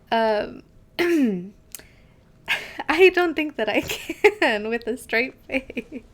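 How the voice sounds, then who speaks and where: A young woman streaming a game, chatting casually with viewers, giggling often and filling pauses with "like" and "um". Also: mid-range voice, animated. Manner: chatty, giggly, with many fillers. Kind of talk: casual gameplay chat with chat reading.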